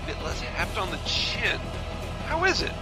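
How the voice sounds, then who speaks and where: A man's voice: sits high, big pitch swings, over loud music. A man with an American accent reading the part of a freshly regenerated Doctor in a podcast read-through, fussy and puzzled. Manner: read aloud from a script, quick and quizzical.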